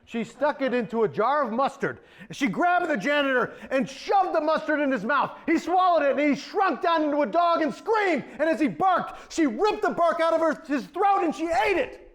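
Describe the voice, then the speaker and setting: A man's voice: very high voice, normal speed. A man performing a campy comic storytelling monologue on a theatre stage. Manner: campy, animated.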